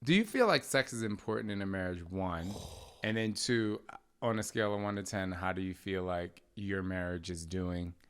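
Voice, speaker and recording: A man hosting a casual chat with his husband, telling animated stories and acting out voices. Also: low-pitched, moderate pace, clean tone. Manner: animated storyteller, acts out kids' voices. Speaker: podcast host.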